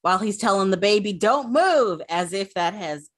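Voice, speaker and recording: A woman's voice: medium pitch, fairly even intonation, brisk, fairly bright tone. A woman casually recapping an episode, chatty and full of fillers. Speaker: podcast host recapping an episode.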